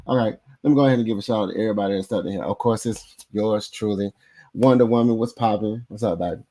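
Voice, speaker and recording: Male sports podcast host, casual and slangy, repeats himself, lively home-stream energy. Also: on the low side, quick pace. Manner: loose and animated, heavy slang, repeats phrases. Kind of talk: casual sports talk livestream. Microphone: new desk microphone setup.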